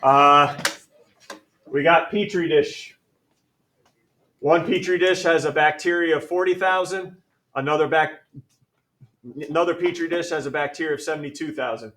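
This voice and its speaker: Upbeat New teacher in echoey classroom. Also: male voice, fairly high pitch, normal speed, long pauses, sharp tone, distant mic. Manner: upbeat, conversational, calls on students by name. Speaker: math teacher. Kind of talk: classroom lesson.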